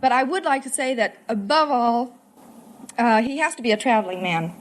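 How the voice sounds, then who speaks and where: A young woman from Los Angeles plays along as a contestant on a 1950s radio quiz. Her voice sits fairly high, and she answers cheerfully and earnestly, with a faint hiss in the background. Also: expressive, moderate pace.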